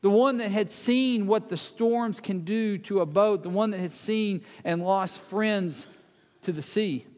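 A man preaching a sermon, retelling a Bible story dramatically, acting out the speakers and dropping to a hush for emphasis. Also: high-pitched, a little slow. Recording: long hall reverb.

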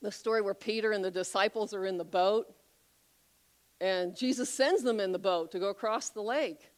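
A woman preaching a sermon, telling a Bible story with animated, acted-out voices. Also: medium pitch, normal speed. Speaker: pastor.

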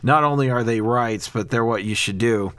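A man's voice: medium pitch, moderate pace, fairly bright tone, clear, resonant tone, no echo. A man co-hosting a casual talk about faith, recovery and marriage, who speaks earnestly and a bit preachily in long explanatory stretches. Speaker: podcast co-host.

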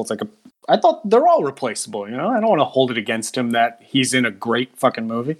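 A man's voice: mid-range voice, very animated, fast, fairly bright tone. A man co-hosting a movie podcast, enthusiastic and casually swearing. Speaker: podcast co-host. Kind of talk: casual chat.

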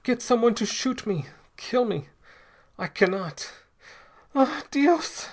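A man voicing a desperate, possessed grown man, in a high, strained, pleading voice. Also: measured pace. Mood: despairing.

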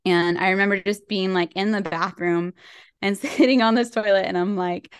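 A woman's voice: mid-range voice, steady tone, moderate pace, smooth, no room sound, clean studio sound. A woman guest on an interview podcast, telling a personal story in a chatty way with many fillers and small laughs. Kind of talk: casual storytelling.

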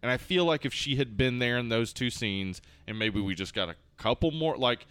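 Bright, animated man reviewing movies. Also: medium pitch, moderate pace, smooth, no echo. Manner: animated, enthusiastic, laughs often. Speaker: podcast co-host. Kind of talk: casual movie review chat.

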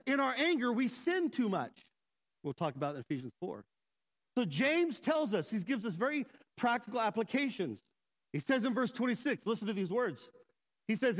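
A man's voice: very high-pitched, a bit bright, rough recording. A middle-aged man preaching a conversational sermon with humor and asides to the congregation. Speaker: pastor.

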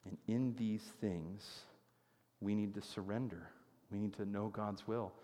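A man's voice: on the low side, steady tone, a little slow, mellow. A man pastor giving a sermon in a conversational storytelling manner, often asking his listeners questions. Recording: long hall reverb.

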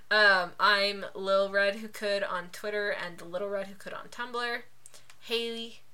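Bright-voiced chatty woman podcaster. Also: mid-range voice, lively intonation, takes it slowly. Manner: chatty, laughs often, rambling asides. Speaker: podcast co-host. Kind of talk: casual chat.

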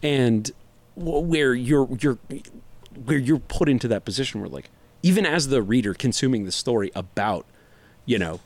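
A man's voice: mid-range voice, animated, normal speed. A young man on a casual podcast, talking comics in a rambling, jokey way with lots of fillers and restarts. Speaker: podcast co-host reviewing comics.

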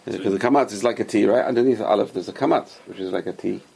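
A man with a gravelly, husky voice leads a casual class, insistent and repetitive as he drills his students on pronunciation. His tone is that of a teacher explaining the same point several ways. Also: on the low side, very fast, warm tone. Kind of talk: casual religious lesson to a small class.

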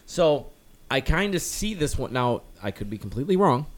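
This comic book podcast co-host has a mid-range, sing-song voice and a moderate pace. He chats in a rambling, casual way, restarting often and saying "like" a lot, while loosely performing the characters.

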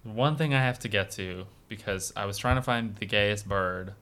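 A man's voice: on the low side, normal speed, fairly bright tone, slight background noise. Jokey, enthusiastic man. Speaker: podcast guest. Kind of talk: casual chat.

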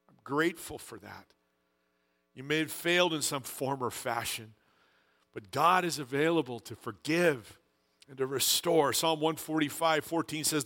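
A male pastor delivering a sermon in a high, bright voice. He presses his points emphatically, climbing higher and louder, and often restarts or repeats words mid-phrase. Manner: emphatic, rises in pitch and volume for emphasis.

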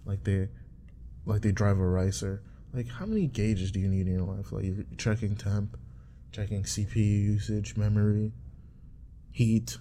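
A man's voice: sits low, dark tone, a little hiss or hum. A young man rambling casually and profanely, joking and laughing at his own bits.

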